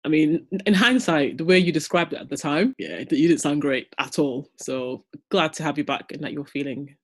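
A young woman co-hosting a casual podcast from home in London over a video call, chatty and quick to giggle. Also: sits low. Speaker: podcast co-host.

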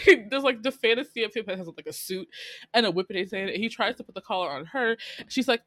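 A podcast co-host with a slightly high voice chats briskly and casually, recapping a drama. She laughs often and animatedly acts out the characters' lines. There's no room sound.

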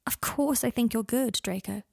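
A steady, protective young man, read by a woman, speaking calmly and quietly. The voice is husky and the sound is dry and close. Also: fairly high pitch, moderate pace, no room sound. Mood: gentle.

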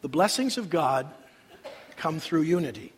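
An older man preaching a sermon in a church, dramatic, with long pauses and sudden swells of emphasis. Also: on the high side, expressive. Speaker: senior pastor. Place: church sanctuary. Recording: reverberant church hall.

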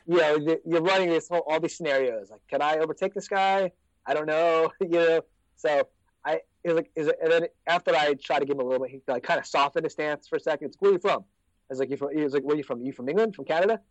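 A quick-talking American man spins casual anecdotes with a loose, profane ease. His voice sits close and dry, with a dull, lo-fi tone. He lets sentences sink into quiet asides. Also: no room sound. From United States. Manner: laid-back, profane, trails off into low asides. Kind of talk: casual storytelling chat.

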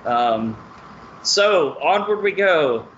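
Podcast host guy, bright punchy voice, laughs a bunch, lofi muffled sound. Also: a little high, animated, very slow. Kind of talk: casual chat. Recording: muffled lo-fi audio with faint room noise.

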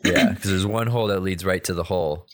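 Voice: low voice, fast talker. A podcast co-host chatting casually, chiming in with comments and jokes about a cartoon. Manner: relaxed, chimes in with comments and jokes. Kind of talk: casual chat.

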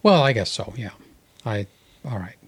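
A man's voice: on the low side, big pitch swings, normal speed, slightly rough. A man co-hosting a podcast in casual chat, musing aloud and playing the contrarian. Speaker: podcast co-host.

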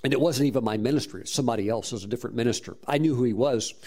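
Speaking very fast in a medium-pitched, darkish voice, a man delivers a sermon as a pastor. His story is full of fervent praise, and he keeps restarting phrases and repeating words.

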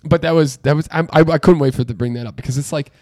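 A man, co-hosting a casual podcast, animated, swearing, his voice jumping up when he gets riled. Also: on the high side, very fast, dry recording, clean studio sound. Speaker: podcast co-host. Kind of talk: casual chat.

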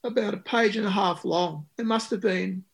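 A man's voice: high-pitched, normal speed, vocal fry, husky. A man, a musician talking about his record in an interview, with many ums and restarts. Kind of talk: conversational interview.

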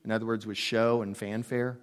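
A man in his sixties preaching a sermon as a pastor, telling stories in an animated, emphatic way with casual asides. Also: fairly low pitch, brisk.

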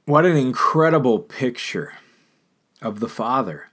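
A man's voice: medium pitch, lively intonation, measured pace, fairly bright tone. A man preaching a sermon, retelling a parable in an earnest storytelling manner with emphatic repetition. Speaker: pastor.

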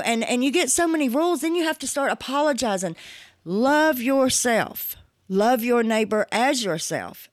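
A woman's voice: on the high side, no echo. Frank, emphatic woman in her forties. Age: 40s. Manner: candid and emphatic, with casual swearing. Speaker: podcast host. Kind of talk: personal podcast monologue.

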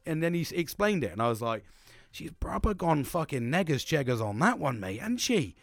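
A man's voice: a little high, moderate pace, dry recording. Swearing man telling stories. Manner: swears constantly, animated, laughs through stories. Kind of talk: casual storytelling to camera.

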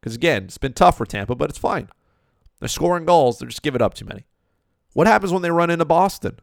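Man, sports-talk ranter, gravelly voice, dry close mic, emphatic and repetitive. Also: a little high, animated, fast, no room sound. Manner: emphatic, repeats points, rhetorical questions. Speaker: hockey commentator. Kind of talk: opinionated sports talk monologue.

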